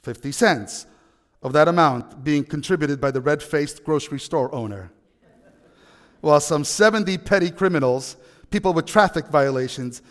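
A man preaching a sermon, telling a story with animated, emphatic peaks. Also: a little high, in a large hall. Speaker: pastor.

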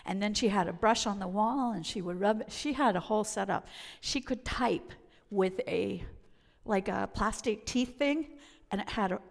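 Gravelly woman storyteller in a reverberant hall. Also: medium pitch, normal speed. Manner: lively, self-mocking, acts out voices. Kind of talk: humorous personal story with faith themes.

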